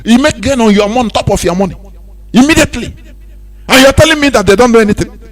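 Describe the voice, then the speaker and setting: A Nigerian man hosting a radio talk show, speaking in a loose, animated monologue that mixes in pidgin. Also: very high voice, fast. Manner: animated, mixing pidgin and laughing asides. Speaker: radio host.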